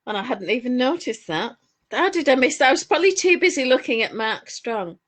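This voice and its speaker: With a high-pitched voice that swings widely and moves a little fast, this Northern English woman co-hosts a chatty knitting podcast. She's a storyteller who wanders off into rambling asides as the casual conversation goes on.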